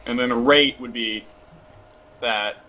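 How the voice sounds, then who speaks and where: A man's voice: medium pitch, fairly even intonation, slow, sharp tone. A young man on a live stream, joking around, answering chat and teasing his co-host. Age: young adult. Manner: playful, joking, talks to chat.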